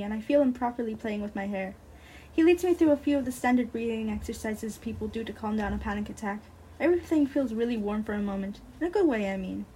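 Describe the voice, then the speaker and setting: A woman's voice: a little high, darkish tone, slight background noise. A young woman reading a first-person short story aloud in an earnest, breathless way. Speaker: student reader.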